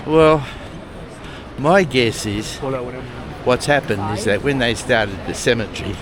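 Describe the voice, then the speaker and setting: With lively intonation and a measured pace, an Australian vlogger's mid-range voice carries his chatty, wry narration of a coastal walk, dotted with friendly asides. The noisy street recording includes a crowd, traffic and outdoor ambience.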